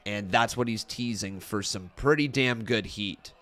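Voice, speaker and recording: A man's voice: fairly low pitch, a little slow, a bit bright. Tired-sounding man hosting a live stream. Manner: chatty, reads out viewer comments. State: tired, slightly strained voice. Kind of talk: casual live-stream chat.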